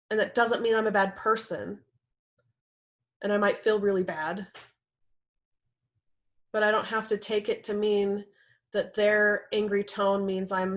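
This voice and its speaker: A woman gives a talk on communication in relationships. She speaks earnestly at a middle pitch and breaks into livelier voices when she quotes people. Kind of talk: presentation talk with slides.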